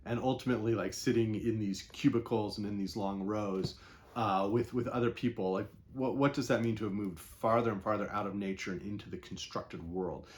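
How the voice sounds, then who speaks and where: A man talking through a novel in a casual, unscripted way, rambling and thinking aloud with frequent pauses. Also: lowish voice, steady tone. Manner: conversational, unscripted. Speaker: book reviewer. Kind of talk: casual book discussion.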